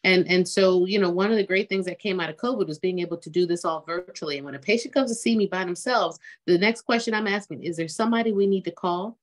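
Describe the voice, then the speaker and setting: A woman's voice: fairly low pitch, fast, hardly any pauses. A woman doctor on a talk show panel, speaking earnestly and conversationally about patient care. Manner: earnest, conversational, repeats words when starting. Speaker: breast cancer doctor.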